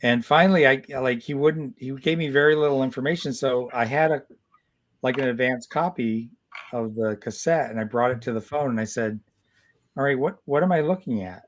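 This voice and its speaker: Sixties man, guest storyteller, lively and halting, mid-pitched. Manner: animated storyteller, many restarts. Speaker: guest comic artist. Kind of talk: casual storytelling interview.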